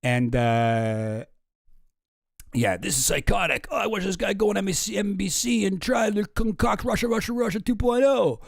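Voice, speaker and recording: Animated sarcastic male streamer. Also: high voice, normal speed, vocal fry, no echo, clean studio sound. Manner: sarcastic, swearing, animated asides. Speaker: streamer host. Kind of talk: casual commentary reading news posts.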